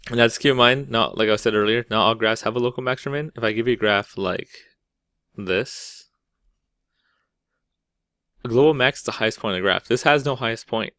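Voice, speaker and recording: A man's voice: medium pitch, brisk, pauses often, a bit bright, no echo, studio quality. A man teaching calculus in a casual, conversational way, often checking in with "right?" and restarting words mid-thought. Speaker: math teacher. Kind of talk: explaining calculus over a whiteboard.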